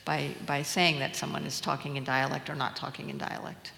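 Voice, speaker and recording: An older woman with a low, gravelly voice, answering audience questions in a hesitant way, full of fillers and restarts. Her voice echoes around a large hall, and faint room ambience sits behind it. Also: level tone, a little fast, sharp tone, slight background noise. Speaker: translator guest. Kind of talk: onstage Q&A conversation. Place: lecture hall at a public event.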